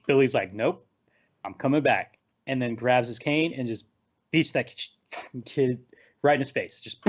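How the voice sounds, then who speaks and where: Rambling man on a tinny line. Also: mid-range voice. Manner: rambling scene-by-scene retelling, laughing at his own jokes. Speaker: podcast host. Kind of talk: casual movie discussion.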